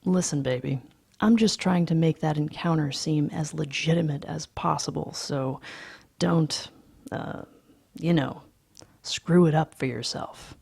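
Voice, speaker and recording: A woman's voice: a little slow, creaky, darkish tone, breathy edge, full character voice. A woman doing a cold, muttering young yuppie. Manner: low, muttered, half-whispered.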